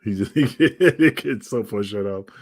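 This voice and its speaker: Male co-host, lowish voice, casual stammering ramble, dry sound. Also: animated, unhurried, no echo. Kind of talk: casual chat.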